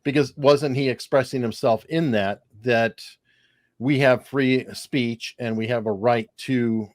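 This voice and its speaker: A man's voice: mid-range voice, fairly even intonation, measured pace, dry recording. Podcast host guy, mid voice, asks stuff and laughs a bit, dry sound no room. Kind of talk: casual podcast chat.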